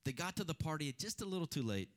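Animated preaching man, higher voice. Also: quick pace. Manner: conversational, animated preaching with rhetorical questions. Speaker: pastor. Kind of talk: sermon.

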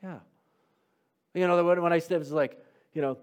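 A man's voice: a little high, steady tone, moderate pace. Man preaching and questioning his listeners. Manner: reads scripture aloud, then draws answers from listeners. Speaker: preacher leading a Bible discussion. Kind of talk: sermon with scripture reading and group discussion.

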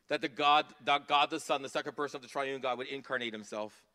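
A man preaching a sermon in a church, earnest, rising to emphatic passages and dropping to soft asides. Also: medium pitch, fast. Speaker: pastor.

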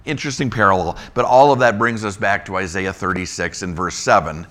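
A male pastor works through scripture in a loose, conversational teaching style. His voice is bright and clear, and he keeps the room with him by asking rhetorical questions. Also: deep voice, fairly quick. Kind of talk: Bible teaching sermon.

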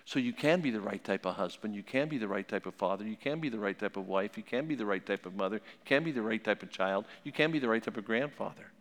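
A man preaching a sermon, telling a story with animated energy and dropping low and quiet when he drives the point home. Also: fast, hardly any pauses. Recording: long echoing hall reverb.

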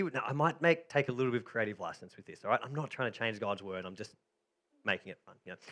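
A man's voice: on the high side, lively intonation, a little fast, sharp tone. A man preaching a sermon, jokey and chatty, cheerfully directing volunteers through a story. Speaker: pastor. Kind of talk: sermon with playful reenactment.

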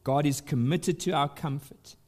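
A man pastor preaching a sermon at a church service, emphatic and deliberate, swinging up in pitch and volume to press his points. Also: a little mellow.

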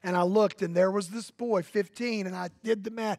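A man with a Southern US accent, a pastor preaching a sermon in folksy, emphatic storytelling that drops to a hush for drama. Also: sits high, fairly even intonation, moderate pace, hardly any pauses, no room sound, clean studio sound. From Southern United States. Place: church sanctuary.

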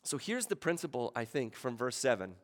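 Chatty pastor preaching in a reverberant hall. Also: male voice, very animated, brisk. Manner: conversational, asks the room "right?" often; acts out quoted voices with sudden shifts in pitch and loudness. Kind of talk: sermon. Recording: long reverb of a church hall.

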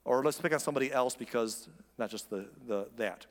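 A man's voice: mid-range voice, a little fast, big-room sound. A man preaching a sermon as a pastor, in an earnest, conversational way with frequent restarts.

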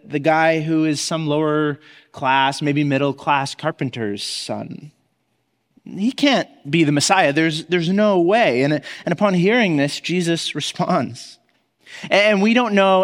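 A man's voice: high voice, big-room sound. A man preaching a sermon in a conversational way, often restarting his words and acting out the voices he quotes. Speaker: pastor.

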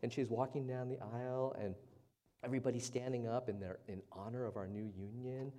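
A man preaching a casual, conversational sermon as the pastor in a church service, chatty and relaxed, often tossing in "right?" to the congregation. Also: mid-range voice, a little fast. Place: church sanctuary during a service. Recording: long reverb of a large church hall.

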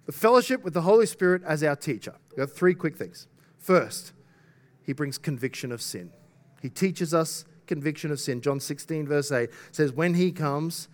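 A man delivering a sermon in a voice pitched a bit higher than most men's. He talks earnestly but casually, often asking the congregation rhetorical questions. His delivery stays relaxed and conversational. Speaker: preacher.

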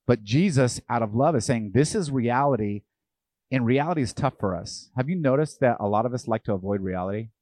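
Male pastor preaching, animated, plays out quoted voices, middle-pitched, dry close sound. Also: fairly quick, no room sound. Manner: animated, acts out quoted voices, asks the audience questions. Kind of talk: sermon.

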